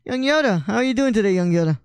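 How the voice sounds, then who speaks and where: A man's voice: high voice, lively intonation, quick pace, smooth, no room sound. Laid-back man hosting a podcast, dry sound. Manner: laid-back, swears casually, laughs often. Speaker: podcast host. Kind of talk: casual chat.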